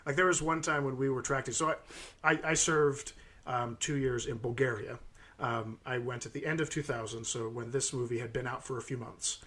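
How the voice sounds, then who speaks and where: A man's voice: mid-range voice, steady tone, brisk, fairly bright tone, a little hiss or hum. A man in his thirties from the United States, co-hosting a podcast and telling stories in a casual, rambling way with lots of ums. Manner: rambling storytelling with many fillers. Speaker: podcast co-host. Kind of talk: casual chat.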